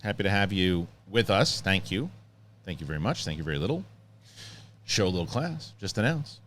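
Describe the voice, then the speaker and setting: A man's voice: deep voice, fairly bright tone, slight background noise. A middle-aged man hosting a podcast in casual chat, joking and sarcastic. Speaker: podcast host.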